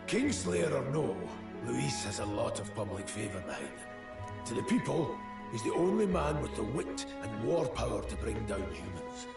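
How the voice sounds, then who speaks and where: A gravelly vengeful conspirator. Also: male voice, very animated, normal speed. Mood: scornful. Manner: cold, menacing, low vows of revenge. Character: grim vengeful male conspirator, adult. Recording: roomy distant game audio with music.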